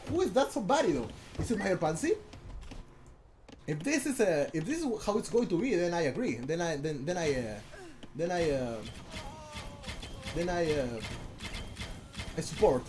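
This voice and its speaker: A man casting a strategy game on a live stream, excitable, talking to his chat, often restarting and repeating words. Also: high voice, a little hiss or hum.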